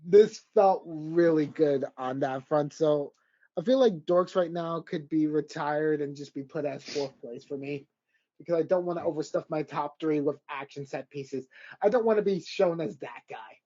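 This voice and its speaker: A man's voice: fairly high pitch, moderate pace, warm tone, lo-fi sound. A man co-hosting a casual animation podcast, talking hesitantly with many fillers. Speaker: podcast co-host.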